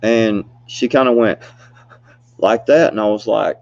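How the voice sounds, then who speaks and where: This storyteller has a lowish, creaky voice and talks slowly. Relaxed and meandering, he laughs a lot and leans on "you know" to fill pauses, captured in dull, dry lo-fi audio.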